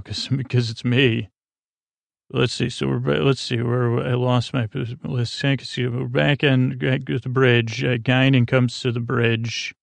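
A man hosting a podcast, loosely retelling a TV episode in a rambling, halting way with many fillers and jokey paraphrases. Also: medium pitch, vocal fry, no echo. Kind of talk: soft-spoken bedtime recap.

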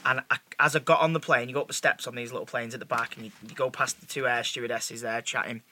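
A man hosts a casual podcast, laid-back and sweary, with a very bright, sharp tone. There is a faint hiss of noise behind him. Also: medium pitch, steady tone, fast talker. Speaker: podcast host. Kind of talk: casual chat.

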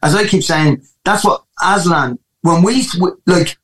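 Irish musician guest, male, Dublin accent, lively anecdotal delivery with restarts, raised pitch. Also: unhurried, low-quality recording. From Ireland. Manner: animated storytelling with many restarts. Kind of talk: casual interview chat.

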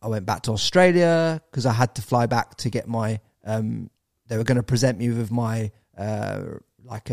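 An English man in his thirties tells a long story as a podcast guest, animated and quick to swear, dropping bro and mate as he goes. His voice sits at a middle pitch. The sound is dry and close, with no room around it. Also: vocal fry, no echo. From England. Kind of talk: casual storytelling.

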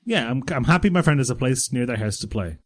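A man's voice: medium pitch, animated, quick pace. A man co-hosting a podcast in casual chat, wry and teasing as he reads out listener letters. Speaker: podcast co-host.

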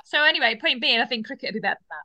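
A woman's voice: sits high, animated, racing, sharp tone, no room sound. A British woman, a podcast co-host and mother, chatting casually and telling anecdotes with acted-out quotes. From Britain. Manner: storytelling, acts out quotes. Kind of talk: casual chat.

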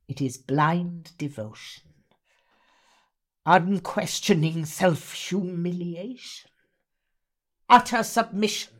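A woman plays a bitter, vengeful old spinster who was jilted long ago. She speaks slowly and commandingly, her pitch swinging widely, then sinks into hushed whispers. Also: full character voice. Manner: intense, commanding, with sudden whispers.

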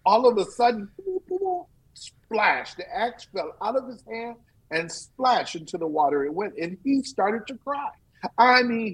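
A man who is a storyteller and teaching artist, talking in an interview and performing a tale in an animated, playful way. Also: high voice, slightly rough, low-quality recording. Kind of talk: interview chat and live storytelling.

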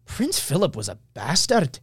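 A man hosting a casual podcast chat, animated and jokey, fond of slipping into funny voices. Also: on the high side, moderate pace, a crowd in the background. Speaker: podcast host.

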